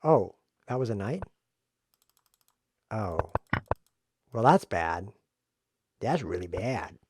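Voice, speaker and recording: A man streaming a chess game, talking to himself in a jokey, excitable way as he plays. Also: on the low side, slow, breathy edge. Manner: jokey, excitable self-talk while playing. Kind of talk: live game commentary.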